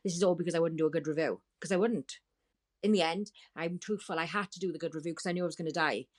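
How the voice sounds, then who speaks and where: A woman guest on a talk show, telling a painful story in a halting, distressed way with many restarts. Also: lowish voice. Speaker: podcast guest. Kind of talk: emotional storytelling.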